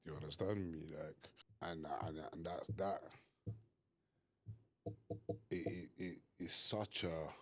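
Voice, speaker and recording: A man co-hosting a podcast, talking earnestly and emphatically with halting restarts. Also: deep voice, expressive. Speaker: podcast co-host. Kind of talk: candid conversation.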